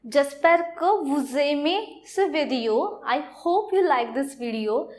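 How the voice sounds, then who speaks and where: A woman teacher slowly explaining a French lesson, pausing often to say okay. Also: sits high, animated. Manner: slow and explanatory, with frequent okays. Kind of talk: classroom lesson.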